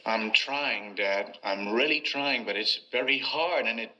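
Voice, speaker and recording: An actor playing a desperate young ballplayer son, strained and pleading. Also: male voice, mid-range voice, measured pace, pushed and bright, slight background noise. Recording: dull lo-fi film sound.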